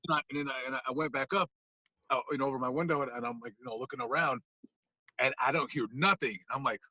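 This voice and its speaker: A man, a podcast guest, animatedly telling a story, acting out scenes and swinging from hushed to loud. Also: medium pitch, fast, husky, no echo, lo-fi sound.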